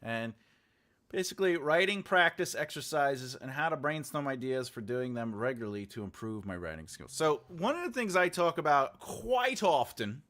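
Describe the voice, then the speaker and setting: Animated and fairly bright in tone, this man's mid-range voice keeps a normal speed. He is the host and teacher of a live writing class, where he jokes and chats casually with viewers, rambles with many filler sounds, and answers chat comments aloud.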